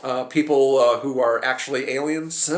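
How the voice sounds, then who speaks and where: A man's voice: mid-range voice, fairly even intonation, normal speed. A man chatting casually to camera about movies, rambling and hesitant with lots of filler sounds. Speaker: movie vlogger. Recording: roomy echoey room.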